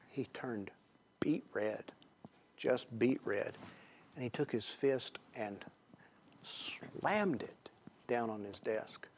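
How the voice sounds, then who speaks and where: A man preaching to a group in a storytelling sermon, conversational and halting, with many pauses and fillers, swinging between hushed and loud emphasis. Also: mid-range voice, a little hiss or hum. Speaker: Christian teacher speaking to a group.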